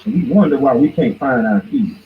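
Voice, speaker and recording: A man hosting a podcast, ranting in heated, profane commentary that swings between mocking shouts and low mutters. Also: expressive, brisk, slight background noise. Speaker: podcast host. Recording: dull lo-fi recording.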